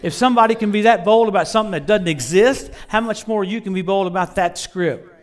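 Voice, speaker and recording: A middle-aged man preaching a sermon, telling stories with lively swings between loud bursts and low murmurs, laughing often. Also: a little fast. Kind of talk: sermon with storytelling.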